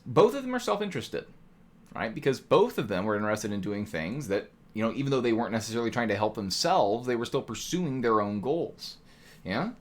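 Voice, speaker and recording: A man's voice: mid-range voice, very animated, brisk. Streamer-style male lecturer, loose and chatty, fond of rhetorical "right?". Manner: talkative, rhetorical "right?" tags, mock voices. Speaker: streamer teaching economics. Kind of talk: casual lecture to live chat.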